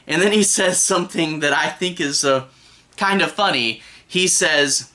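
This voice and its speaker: A young man talks through a TV episode in a loose, rambling review, circling back and restarting his thoughts. His voice sits a little high for a man and has a sharp, forceful brightness. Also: unhurried. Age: young adult. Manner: rambling, conversational, with frequent restarts. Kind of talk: casual spoken review.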